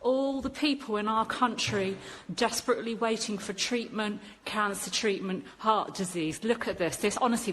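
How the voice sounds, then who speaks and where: A woman's voice: mid-range voice, moderate pace, few pauses, fairly bright tone, a little hiss or hum. A woman films on a handheld phone while walking through empty hospital corridors, indignant and urging viewers to look. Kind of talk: handheld walk-through video rant.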